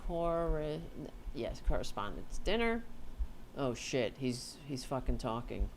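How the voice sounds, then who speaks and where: A woman's voice: very deep voice, very animated, slow, a little hiss or hum. A woman hosting a casual livestream, rambling and swearing as she chats and talks to her cat. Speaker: host.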